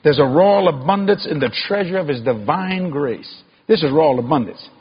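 Husky male preacher, emphatic delivery. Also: animated, lo-fi sound. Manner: emphatic preaching with sudden high shouted climbs and slow drawn-out stresses. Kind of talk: sermon.

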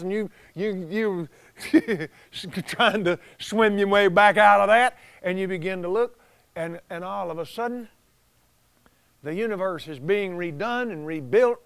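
A man preaching a folksy sermon, telling the story with chuckles and animated storytelling. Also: high voice, clear, resonant tone, dry recording.

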